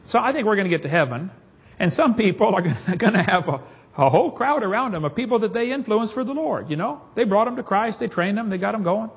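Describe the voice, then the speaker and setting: Husky-voiced Southern preacher, folksy. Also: male voice, high-pitched, animated, fast talker. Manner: folksy, joking, storytelling. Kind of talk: sermon.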